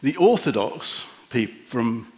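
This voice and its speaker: A middle-aged man preaching a sermon and leading a prayer, gentle and reflective with long pauses. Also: medium pitch, very animated. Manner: emotional, easily moved.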